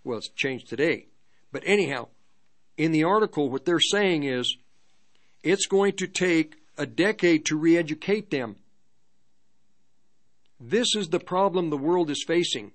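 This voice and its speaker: A male radio talk show host spins a long anecdote in an emphatic, meandering monologue, backing up and restarting his phrases. His voice sits a bit high for a man. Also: animated, a little slow, long pauses. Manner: rambling, emphatic storytelling with restarts.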